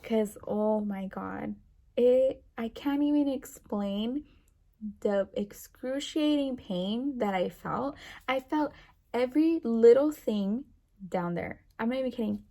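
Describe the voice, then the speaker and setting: Gravelly, mellow-voiced young woman vlogging. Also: on the high side, slow pace. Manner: chatty, rambling, many fillers. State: emotional, near tears. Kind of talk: casual chat to camera.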